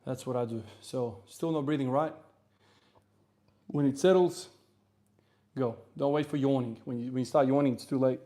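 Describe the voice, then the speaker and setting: This Australian-accented man from South Australia is livestreaming from the gym, chatting in a relaxed, meandering way and answering chat between sets. A streamer and lifter, he has a medium pitch, keeps a moderate pace, and pauses often.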